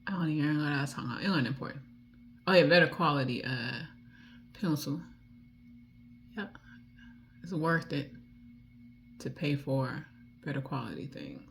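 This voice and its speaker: A woman from D.C. with a D.C. accent, chatting casually and rambling while she does her makeup, with soft muttered asides. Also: low voice, lively intonation, moderate pace, vocal fry, pauses often, a little hiss or hum. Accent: Washington, D.C. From Washington, D.C. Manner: rambling, chatty, drifts off topic. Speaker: beauty vlogger.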